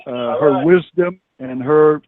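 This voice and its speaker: A man hosting a radio interview, speaking haltingly with many fillers. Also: fairly high pitch, slight background noise. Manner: halting, warm, hesitant with fillers. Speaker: radio host. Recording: tinny phone-like line, dry.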